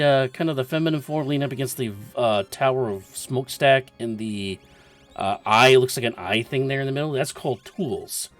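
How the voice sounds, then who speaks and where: A man commentating a video game tournament, explaining boss strategy step by step in a casual, chatty way and laughing often. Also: medium pitch. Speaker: esports commentator.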